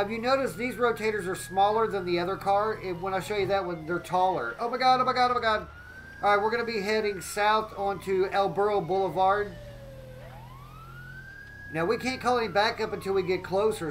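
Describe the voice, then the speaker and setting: A man giving excitable live gameplay commentary as a streamer, often exclaiming and greeting his chat. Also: high-pitched, slight background noise, low-quality recording.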